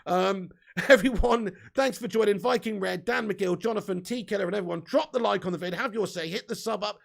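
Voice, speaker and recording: A man's voice: high voice, fairly quick, vocal fry. A young man hosting a live fan news stream, chatty and reading out viewer comments. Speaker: fan channel host.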